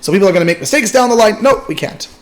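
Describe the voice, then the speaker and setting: A man's voice: sits high, animated, very fast, a bit bright, voice pushed up. An overly careful rabbi objects again and again in a raised, emphatic voice, as a storyteller puts him on. He sounds anxious and firm. He will not budge. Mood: insistent. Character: overly cautious, insistent male rabbi.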